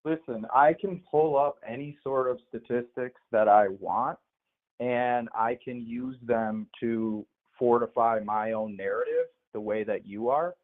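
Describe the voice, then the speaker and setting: Male caller on a tinny phone line. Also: mid-range voice. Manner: measured, insists on finishing his point. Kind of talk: heated live call-in argument.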